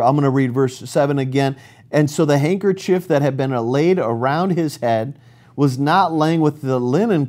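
A man's voice: on the high side, darkish tone. A male pastor preaching a sermon in an earnest, emphatic way, reading scripture aloud and drawing out key words.

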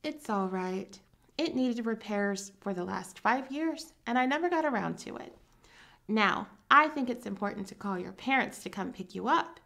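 A woman reading the lines of a kindly older man in a children's storybook, polite and gentle. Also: medium pitch, expressive, moderate pace, creaky. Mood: friendly.

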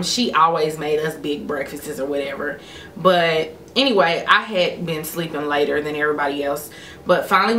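A woman's voice: low-pitched, fairly bright tone, slight background noise. A woman in her thirties, a vlogger telling a personal story in a candid, emotional way.

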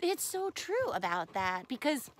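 A woman pet psychic chatting with her dog in a casual vlog, animated and giggly, with fond baby talk. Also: high-pitched, unhurried.

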